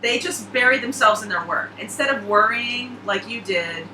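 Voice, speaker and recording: A woman's voice: fairly high pitch, moderate pace, pushed and bright, reverberant, slight background noise, poor audio. A woman giving a casual, chatty tarot reading, laughing and rambling through asides. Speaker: tarot reader.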